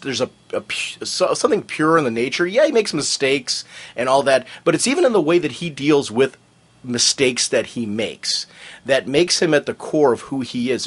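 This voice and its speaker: Co-hosting a fan podcast, a man with a mid-range, slightly rough voice chats casually. He is animated and rambling, using lots of fillers.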